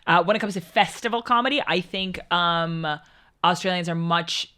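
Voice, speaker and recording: A woman's voice: fairly low pitch, moderate pace, sharp tone. A woman podcast host giving her thoughtful opinion in casual chat.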